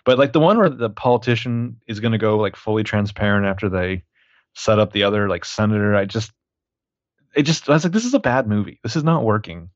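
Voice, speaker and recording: A man co-hosting a casual film review chat, talking in a halting way full of fillers. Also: lowish voice, lively intonation, dry recording, lo-fi sound. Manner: conversational, halting, frequent fillers. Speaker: podcast co-host.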